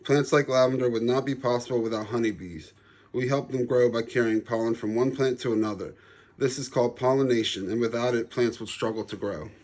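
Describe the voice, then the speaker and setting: A man's voice: mid-range voice, a little fast, darkish tone, close to an everyday voice. Casting: kindly, instructive queen honeybee for a storybook read-aloud, read by a man. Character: friendly female queen honeybee, patient teacher.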